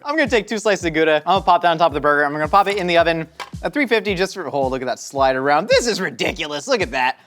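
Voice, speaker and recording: A young man hosting a cooking show, joking with his crew as he demonstrates a recipe. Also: a little high. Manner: jokey, excitable, talks to the crew.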